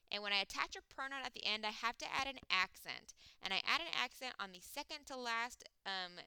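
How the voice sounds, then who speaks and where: A woman teacher walks through Spanish grammar one step at a time, tossing in "um" and "okay" as she goes. Her voice is very bright and clean. The recording is dry and close, with almost no room sound. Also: mid-range voice, smooth, no echo. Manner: explains step by step, with frequent "um" and "okay". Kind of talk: recorded classroom lesson.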